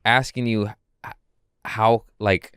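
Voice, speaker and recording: A man's voice: on the low side, fairly even intonation, slow pace, fairly bright tone, smooth, dry recording, clean studio sound. A man, a guest comedian, telling loose and profane stories in casual podcast chat.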